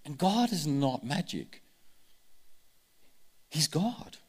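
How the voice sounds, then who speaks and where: A male pastor delivers a sermon in a fairly high voice that rings with long reverb from a large hall. He preaches with passion and slips into the voices he quotes. His tone stays lively and direct. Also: extremely slow, slightly rough. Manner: impassioned, acts out quoted voices.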